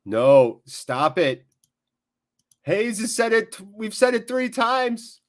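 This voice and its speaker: An American man hosting a live football watchalong. He jokes and chats with viewers between quick play-by-play. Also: sits high. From United States. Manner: jokey, animated, quick play-by-play. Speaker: watchalong host.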